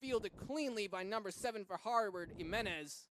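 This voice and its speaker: A male play-by-play commentator calling a rugby match live, his fairly high voice leaping up whenever a runner breaks through. He is from Massachusetts, and a faint hiss of noise sits under the commentary. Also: normal speed. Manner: excitable, rises sharply with big plays.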